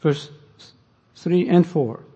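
A man preaching a sermon, measured and emphatic, pausing between short phrases. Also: a little high, warm tone, slightly rough. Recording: dull sound with long hall reverb.

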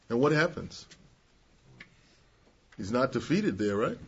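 A man preaching a sermon to young people, conversational and animated, acting out the scenes as he tells them. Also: mid-range voice, measured pace, long pauses, slight background noise. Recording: slightly dull lo-fi sound.

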